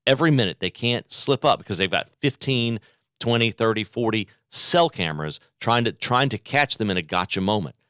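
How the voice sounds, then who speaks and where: A man's voice: on the low side, lively intonation, brisk, fairly bright tone, clean tone, dry recording, clean studio sound. A man hosting a political talk radio show, emphatic and repeating phrases for effect.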